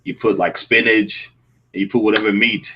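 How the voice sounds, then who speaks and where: A man from Africa co-hosting a casual chat, telling stories in an animated, slangy way. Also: on the low side, fairly quick, muffled recording, slight background noise. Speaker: co-host. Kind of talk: casual live-show chat.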